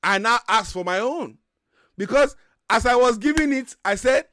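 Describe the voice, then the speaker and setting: A man's voice: extremely high pitch, lively intonation, normal speed, bright, forceful tone. A man, co-hosting a casual group chat and telling boastful, joking stories with some swearing.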